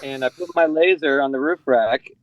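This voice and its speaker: A man's voice: mid-range voice, moderate pace. An American man in his forties from San Diego, talking as a podcast guest in a loose, rambling way full of "you know" and restarts. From San Diego, USA. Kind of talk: casual podcast conversation.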